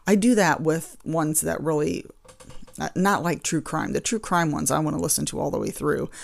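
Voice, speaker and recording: A woman's voice: low voice, steady tone, moderate pace, vocal fry. A woman hosting her own podcast, chatting casually and rambling, getting exasperated over small annoyances. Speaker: podcast host. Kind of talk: casual chat.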